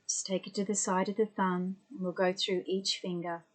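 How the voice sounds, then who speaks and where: A woman leading a guided tapping session as an energy healer, speaking gently and soothingly with pauses. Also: medium pitch, flat delivery, poor audio.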